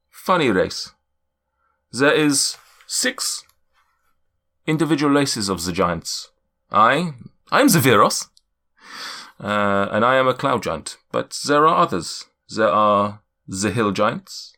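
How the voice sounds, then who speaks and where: A man voicing a kindly, worried male cloud giant in a put-on German accent, speaking slowly in drawn-out, solemn pronouncements. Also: medium pitch, bright, forceful tone, exaggerated voice. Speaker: game master.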